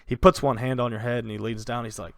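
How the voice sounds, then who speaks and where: Male dungeon master, gravelly voice, dry close sound; loose and vivid. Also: medium pitch, little pitch movement, quick pace, fairly bright tone, no echo. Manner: loose, vivid narration with fillers. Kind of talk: narrating a tabletop game.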